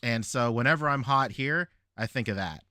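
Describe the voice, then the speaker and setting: A Filipino American man hosting a podcast, telling stories in an animated way with frequent laughs. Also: mid-range voice, normal speed, no room sound, studio quality. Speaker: podcast host. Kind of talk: casual chat.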